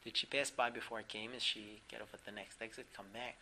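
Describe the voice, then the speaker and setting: A man's voice: on the low side, little pitch movement, quick pace, bright, forceful tone, slight background noise. A man voicing a cold, stranded husband who speaks in a hesitant, subdued way. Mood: weary. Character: stranded, frozen, weary husband.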